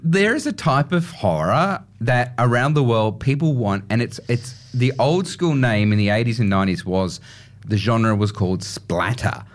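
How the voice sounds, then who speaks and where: A man hosts a relaxed radio chat, friendly and full of film talk. His voice sits at an ordinary middle pitch. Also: normal speed. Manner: chatty, film-savvy, encouraging. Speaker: radio host.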